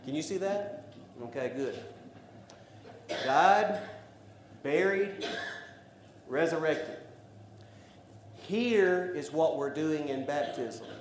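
A man preaching a sermon, building to loud emphatic declarations. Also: on the high side, lively intonation, drawn-out words, pauses often. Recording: echoey room with faint background noise.

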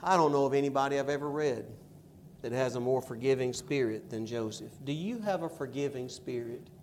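A middle-aged man preaching a sermon and reading scripture, with emphatic stresses and quiet asides. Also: mid-range voice, fairly quick, a little hiss or hum. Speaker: pastor.

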